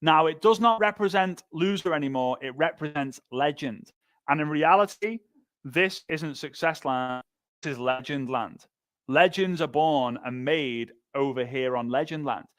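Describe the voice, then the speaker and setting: A man teaching a motivational marketing lesson on a livestream, energetic and punchy, repeating phrases for emphasis. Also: fairly high pitch, measured pace, no room sound. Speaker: sales trainer. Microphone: livestream microphone.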